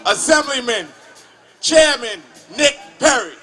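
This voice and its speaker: A man acting as emcee at a protest rally, building up to a shouted introduction of the next speaker. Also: very high voice, lively intonation, slow, music in the background, crowd noise.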